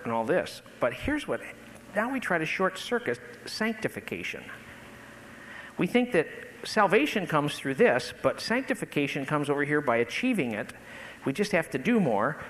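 A man preaching a sermon, building to impassioned peaks and then dropping low and soft. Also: a little hiss or hum, low-quality recording. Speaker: pastor.

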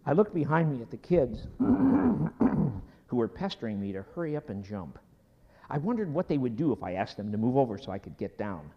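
A man preaching a sermon, telling a personal story slowly and dropping at times to a hushed whisper before leading a prayer. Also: medium pitch, big pitch swings, gravelly, husky. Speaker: pastor. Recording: dull sound in a hall with long reverb.

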